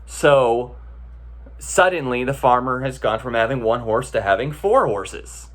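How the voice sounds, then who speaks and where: A man's voice: mid-range voice, lively intonation, measured pace, fairly bright tone. A man giving a casual, conversational talk as a meditation teacher, often checking in with the listeners as he tells a story.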